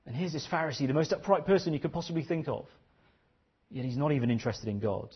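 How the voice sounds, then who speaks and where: A man's voice: a little high, animated, quick pace, husky, muffled recording. A man preaching a sermon, earnest and questioning, often repeating his phrases.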